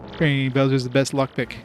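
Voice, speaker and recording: A man's voice: medium pitch, little pitch movement, fairly quick. A man playing through a video game, joking wryly and reading dialogue aloud. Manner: wry, joking. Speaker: let's play host. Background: game music.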